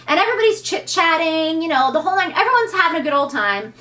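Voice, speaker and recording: A woman in her thirties telling a personal story to camera in a candid, animated way, acting out what people said. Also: extremely high pitch, fast, few pauses, distant mic. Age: 30s. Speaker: vlogger.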